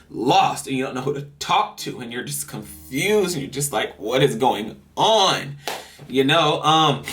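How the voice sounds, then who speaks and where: A man's voice: mid-range voice, a bit bright. Earnest man, rambling heartfelt vlog. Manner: earnest, rambling, sighs between thoughts. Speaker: vlogger. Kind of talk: heartfelt personal monologue. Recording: somewhat distant mic, faint music.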